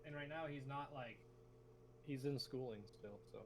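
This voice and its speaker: A man's voice: mid-range voice, moderate pace, a little hiss or hum. A young man chatting casually with friends before a tabletop game, rambling with trailing asides. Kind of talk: casual chat among friends.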